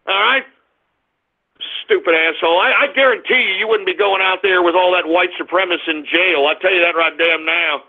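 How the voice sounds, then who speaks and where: A man hosting a call-in internet radio show, ranting in a brash, confrontational way with drawn-out taunts. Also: sits high, creaky. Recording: tinny phone-like audio.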